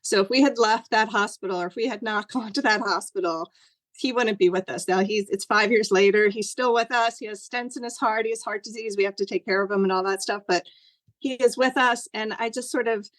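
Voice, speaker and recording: A woman's voice: mid-range voice, a little fast, no room sound. A middle-aged woman telling a personal story over a video call, earnest and rambling with lots of fillers. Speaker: guest sharing a personal story.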